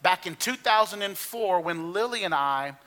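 A man in his fifties delivers a sermon with a brilliant, ringing tone. He sits somewhat high for a man, leaning hard on key words as he preaches. A long church reverb trails behind him. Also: animated, normal speed, sharp tone. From Alabama, US. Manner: earnest, emphatic preaching, stressing key words. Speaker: pastor. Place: church sanctuary.

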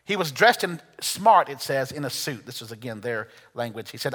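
A man preaching a sermon as pastor, telling stories with quoted dialogue and then quietly appealing to listeners. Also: medium pitch, animated, normal speed. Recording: long hall reverb.

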